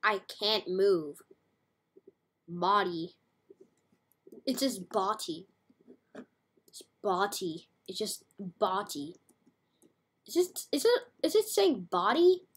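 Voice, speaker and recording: A woman's voice: mid-range voice, expressive, slow pace, pauses often, husky. A woman giving casual, playful, chatty commentary while playing a video game, full of slang. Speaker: game streamer.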